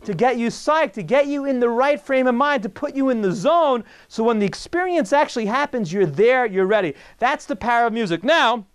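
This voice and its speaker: A man, a rabbi, giving a jokey, animated talk to an audience, acting out little scenes and asking the room questions. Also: extremely high pitch, a little fast, hardly any pauses, smooth. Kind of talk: lively lecture to an audience.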